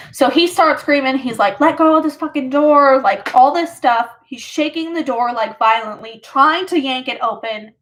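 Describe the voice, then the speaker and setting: A woman's voice: fairly high pitch, a bit bright. A woman vlogger casually telling a personal story, rambling with lots of fillers.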